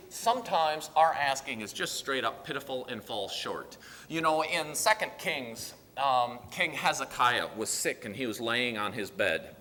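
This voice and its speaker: A man preaching a sermon in an earnest, pleading way, with loud emphatic bursts. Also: medium pitch. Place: church sanctuary. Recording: long hall reverb.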